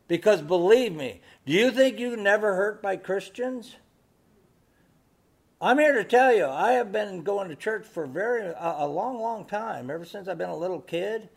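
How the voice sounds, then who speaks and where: High-voiced preaching man. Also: expressive, unhurried, gravelly. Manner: emphatic preaching with rhetorical questions; swings between hushed storytelling and loud exhortation. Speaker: pastor. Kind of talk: sermon.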